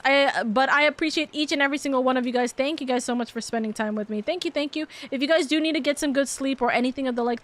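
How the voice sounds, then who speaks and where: A woman with a high, bright speaking voice hosts a casual live stream. She rattles on quickly and affectionately, repeating herself as she greets her viewers one after another. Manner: bubbly, affectionate, rapid and rambling. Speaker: VTuber streamer.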